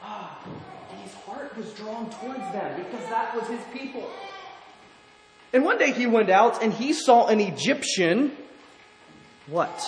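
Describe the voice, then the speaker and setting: A man preaching a sermon in an animated way, putting questions to the congregation. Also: high-pitched. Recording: echoey hall, faint room noise.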